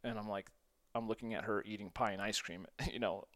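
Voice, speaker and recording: A man's voice: on the low side, steady tone, brisk, a bit bright. A man in his forties hosting a solo podcast, talking casually and self-deprecatingly, often laughing between phrases. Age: 40s. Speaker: podcast host.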